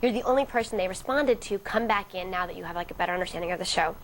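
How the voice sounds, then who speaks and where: An actress being interviewed, telling a story and acting out the lines of the people in it. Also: female voice, on the low side, very fast, a little hiss or hum, rough recording. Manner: acts out quoted dialogue vividly.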